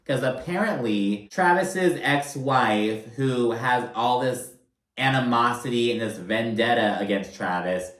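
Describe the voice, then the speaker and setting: A man's voice: mid-range voice, unhurried, a bit bright, echoey room, rough recording. Sarcastic, profane man recapping TV. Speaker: reality TV recap commentator. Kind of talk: casual recap commentary.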